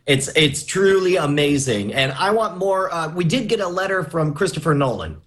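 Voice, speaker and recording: An American man co-hosts a casual podcast, reading listener mail and chatting freely. His voice sits a little high, and he stumbles and restarts as he talks, joking at his own expense. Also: animated, moderate pace. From United States. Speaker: podcast co-host.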